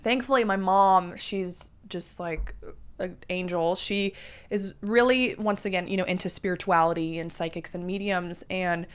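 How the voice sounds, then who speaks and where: A woman in her twenties, an interview guest, telling a personal story in animated, casual talk full of "like" and acted-out quotes. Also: fairly low pitch, normal speed, clear, resonant tone. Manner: animated, heavy use of "like", acts out quotes.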